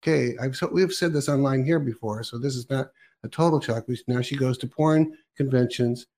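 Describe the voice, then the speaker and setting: A man hosting a relaxed talk show, sounding conversational and easygoing. He recaps stories and chats along with his guest in an everyday voice. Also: medium pitch, a little fast. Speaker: host. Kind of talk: casual chat.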